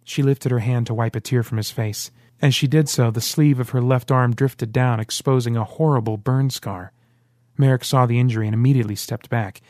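A man's voice: medium pitch, steady tone, a little fast, a little mellow, no echo. Earnest male audiobook narrator, dry sound. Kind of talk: scripted narration.

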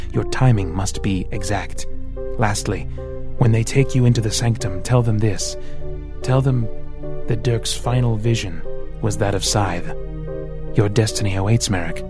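A man reading a grave, measured message. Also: fairly low pitch, natural voice.

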